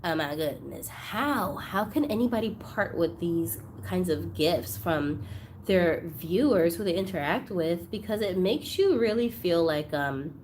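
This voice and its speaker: A woman hosting a doll collecting vlog, chatting casually and gushing excitedly over gifts, at times near tears. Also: lowish voice, a little slow, a little hiss or hum. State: emotional, close to tears. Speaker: doll collector channel host. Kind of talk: unboxing vlog chat.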